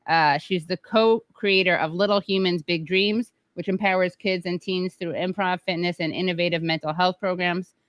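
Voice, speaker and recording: A woman hosts a livestream over a video call. Her voice sits a little low, and the sound is dry and close. She is chatty and self-deprecating, with quick asides. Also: fairly even intonation, no room sound, muffled recording. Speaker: host. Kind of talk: livestream hosting chat.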